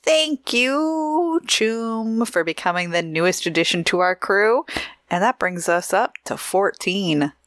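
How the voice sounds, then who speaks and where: A woman co-hosting a podcast in casual chat, giggly and chatty, reading out shout-outs and promos. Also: mid-range voice, expressive, slow pace, dry recording, studio quality. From Oregon, USA. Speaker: podcast co-host.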